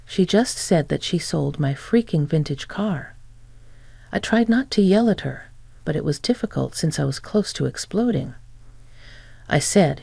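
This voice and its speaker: A woman narrating a scripted first-person story in an even, matter-of-fact way. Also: low voice, gravelly, slightly rough, no room sound.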